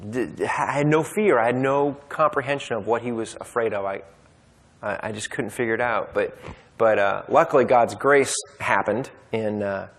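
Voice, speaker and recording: A long hall reverb colors this clip of a man with a medium-pitched voice talking at a moderate pace. He is speaking at a men's Bible study, telling a personal story conversationally with fillers and restarts.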